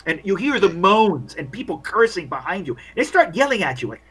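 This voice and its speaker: A man's voice: high voice, animated, a little fast, fairly bright tone, breathy edge, poor audio. A man narrating as game master of a tabletop game, in a loose, casual way with plenty of filler words.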